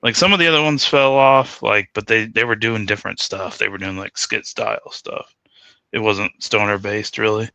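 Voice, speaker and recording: A man chatting casually about films as co-host, relaxed and drawling, chuckling a lot. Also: fairly low pitch, normal speed, gravelly, no room sound, rough recording. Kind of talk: casual stoner chat.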